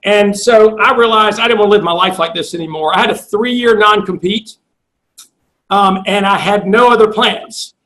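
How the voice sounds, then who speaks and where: A man's voice: high voice, moderate pace, fairly bright tone, rough recording. A middle-aged man and sales coach telling a long personal story in a blunt, profane way, acting out the dialogue he quotes. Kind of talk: storytelling interview guest.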